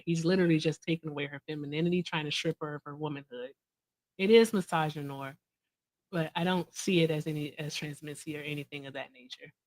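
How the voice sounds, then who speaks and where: A woman's voice: low voice, darkish tone. A woman hosting a casual interview and reaction chat, talking in a blunt, teasing, confrontational way. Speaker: host.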